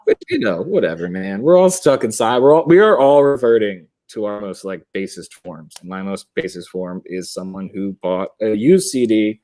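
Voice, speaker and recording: A man's voice: lowish voice, expressive, moderate pace, hardly any pauses, dark tone. A young man on a video call, chatting casually and rambling, laughing often and swearing. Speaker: podcast guest.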